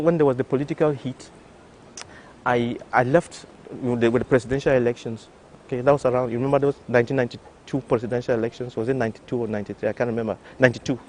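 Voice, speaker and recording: An older man, a doctor from Cameroon, telling an interviewer his story, animated and full of restarts. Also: mid-range voice, a little hiss or hum. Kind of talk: recounting a personal story. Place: television studio.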